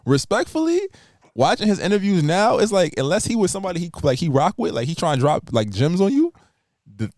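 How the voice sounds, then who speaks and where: A young man hosting a podcast, chatting casually and laughing, his voice leaping up in pitch when he gets excited. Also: no room sound, clean studio sound. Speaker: podcast host.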